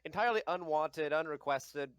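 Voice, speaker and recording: A man's voice: fairly high pitch, normal speed, a bit bright, a little hiss or hum. A man playing a tabletop game, describing his character in a rambling way with many restarts. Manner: rambling, full of restarts and fillers. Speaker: player. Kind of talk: casual tabletop game chat.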